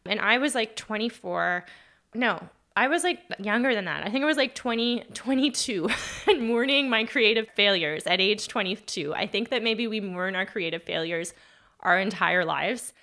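A woman in her thirties hosts her own podcast alone, talking straight to the listener. She is chatty and earnest, often saying "like" and correcting herself as she goes. Her voice sits at an ordinary middle pitch. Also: expressive, normal speed, pushed and bright. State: briefly emotional, voice catching. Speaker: podcast host. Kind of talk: solo podcast monologue.

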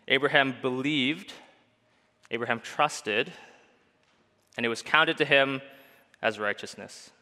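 Guy preaching a sermon in a church hall, bright voice, long reverb, keeps asking questions. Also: medium pitch. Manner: earnest, asks the listeners many questions. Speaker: pastor.

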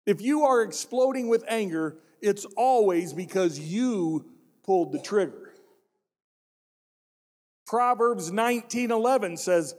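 This is a sermon from a high-voiced male pastor in a church sanctuary, recorded with long church hall reverb. His tone is darkish and his pace measured, yet he is animated and emphatic, repeating key phrases and asking the congregation rhetorical questions.

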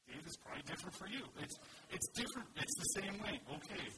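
A man's voice: high-pitched, lively intonation, fast talker. A man giving an informal, upbeat sermon and prayer to his church. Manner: conversational, folksy, upbeat and encouraging. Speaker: pastor. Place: church service. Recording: loud background noise.

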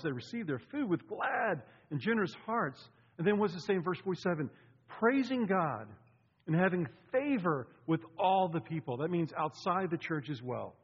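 A man's voice: fairly high pitch, slightly rough. A man in his forties, a pastor giving an earnest, conversational sermon with frequent restarts, recorded in a church sanctuary. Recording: dull lo-fi sound in a reverberant hall.

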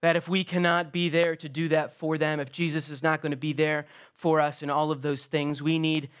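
A man preaching a sermon, retelling a Bible story with earnest emphasis, rising louder for key points and dropping quiet, slowing on important phrases. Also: medium pitch, smooth. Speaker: pastor.

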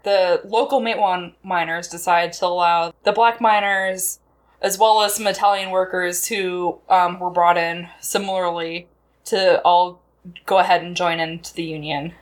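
A woman co-hosting a podcast, recapping a film in casual chat and acting out lines in quick voices. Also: fairly low pitch, steady tone. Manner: chatty, laughs often, acts out quotes in voices.

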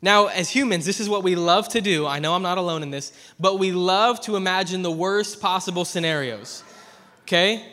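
A young man preaching a sermon at church, telling a personal story earnestly and dropping from loud to hushed. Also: high-pitched, normal speed. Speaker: pastor. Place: church hall. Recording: long hall reverb.

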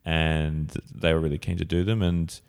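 An Australian man chatting casually as a podcast guest, relaxed and chuckling, trailing off with fillers. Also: rumbling low, normal speed, vocal fry, smooth. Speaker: podcast guest, comedian and actor. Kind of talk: casual chat.

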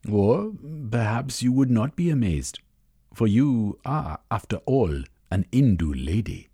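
A man voicing a cold, scheming male villain who bargains with menace, in a husky voice. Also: on the low side, very animated, measured pace, mellow, pitched above the performer's own voice, heavily acted.

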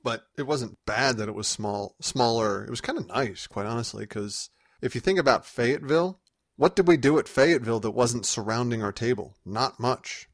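A man's voice: medium pitch, moderate pace, no room sound, clean studio sound. A man in casual podcast chat, rambling with restarts while telling a story. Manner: rambling, with frequent restarts and laughs. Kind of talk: casual chat recounting a convention trip.

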